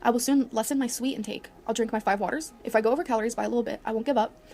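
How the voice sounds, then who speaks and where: A woman's voice: on the high side, steady tone, very fast, warm tone. A woman vlogger talking casually to her viewers and reading her notes aloud, apologetic and chatty. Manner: apologetic, chatty, giggly asides.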